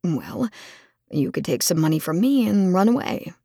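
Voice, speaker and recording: A woman voicing a breathy, wry young nobleman. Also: on the low side, very animated, normal speed, dark tone, no room sound, clean studio sound, exaggerated voice. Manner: easygoing, wry, teasing.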